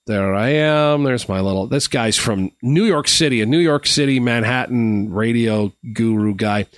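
A man's voice: mid-range voice, normal speed, no echo. Chatty middle-aged man, dry close sound. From Canada. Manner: chatty, rambling anecdotes with frequent restarts and fillers. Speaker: host. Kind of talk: casual storytelling on a live stream.

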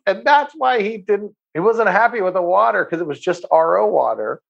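Animated man telling a story. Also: sits high, moderate pace, creaky, few pauses, lo-fi sound. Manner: animated storyteller who acts out quoted voices. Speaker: guest, water company owner. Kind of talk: casual chat, anecdote telling.

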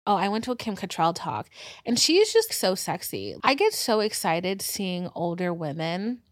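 A woman in her twenties from the Caribbean, hosting a podcast and telling stories in a casual, animated way, dipping into whispers and high squeals. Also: normal speed, no room sound, studio quality, soft background music. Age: 20s. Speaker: podcast host. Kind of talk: casual storytelling monologue.

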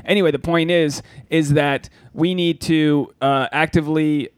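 A man's voice: on the high side, fairly even intonation, a little slow, clean tone, no room sound, studio quality. A man co-hosting a casual podcast, telling stories in a rambling, profane way. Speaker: podcast co-host.

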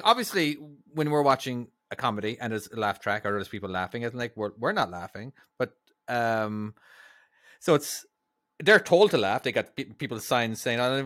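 A man's voice: medium pitch, fairly bright tone, no room sound, studio quality. A man chatting casually on a podcast, rambling with lots of fillers. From Ireland. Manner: rambling, filler-heavy talk. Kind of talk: casual chat.

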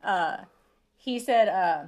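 A woman's voice: mid-range voice, animated, slow, crowd noise. Profane laughing woman podcast host. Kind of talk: casual chat.

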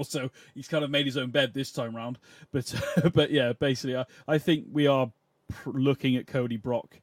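A man co-hosting a wrestling podcast, talking casually and quickly, hedging often as he makes his points. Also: mid-range voice, darkish tone, dry recording. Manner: quick, conversational, hedging with "I mean". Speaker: podcast co-host.

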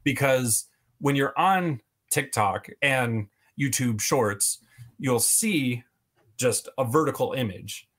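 A man's voice: medium pitch, animated, takes it slowly, fairly bright tone. A man as a podcast guest, giving long rambling answers full of fillers. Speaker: podcast guest, toy video creator. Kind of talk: casual interview chat.

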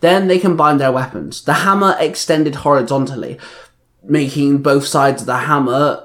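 A man's voice: fairly high pitch, moderate pace, a bit bright. A man reading an action story aloud, plainly, with small slips and restarts. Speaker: reader. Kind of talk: reading fan fiction aloud.

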